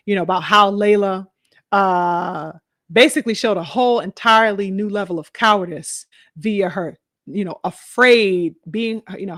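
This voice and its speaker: A man's voice: high-pitched, dry recording, clean studio sound. A man hosting a commentary channel, talking casually and profanely to his viewers about boxing drama. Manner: animated, profane, addresses viewers.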